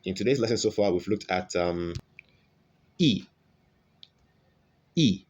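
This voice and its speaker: Man, very low voice, unhurried, English pronunciation teacher, repeats sounds, slightly muffled audio. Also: darkish tone. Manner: slow, repetitive, modelling sounds, frequent "okay?" check-ins. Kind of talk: online phonetics lesson.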